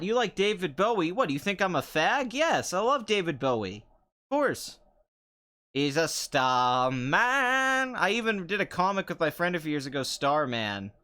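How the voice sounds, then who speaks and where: A man's voice: on the high side, a bit bright. A young man hosting a casual chat show, answering viewer comments in a sarcastic, rambling way and laughing often. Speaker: podcast host.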